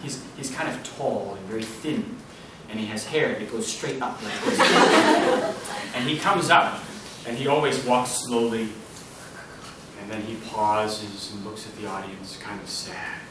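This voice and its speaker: A man giving an animated lecture in a lecture room, with big swings in loudness. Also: on the low side, a little slow, very noisy. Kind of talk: lecture on presenting. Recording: echoey room from far off.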